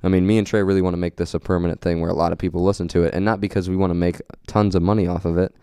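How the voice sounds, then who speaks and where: A man's voice: low voice, flat delivery, racing, warm tone, clean tone, dry recording, studio quality. A young man co-hosting a podcast in casual chat, talking earnestly and rambling a little about goals and motivation. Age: young adult. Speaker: podcast co-host.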